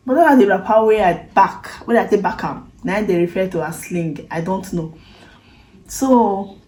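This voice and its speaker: Addressing the camera directly, a Nigerian vlogger shares her personal story with heartfelt emotion, dropping in Pidgin expressions. Her mid-range voice is warm and mellow. The recording carries a clear echoey room sound plus slight background noise.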